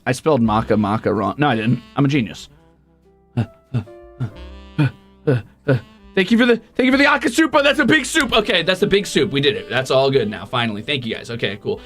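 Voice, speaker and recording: A man's voice: medium pitch, lively intonation, fast, a bit bright, soft background music. A man hosting a casual livestream, reading out viewer donations with profane, teasing, mock-grumpy banter. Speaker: streamer.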